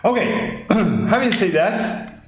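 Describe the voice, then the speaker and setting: A man's voice: high-pitched, animated, slow, a little hiss or hum. A man hosting a podcast in casual chat, ranting emphatically and repeating his points, speaking English as his second language. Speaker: podcast host. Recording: echoey room with faint music.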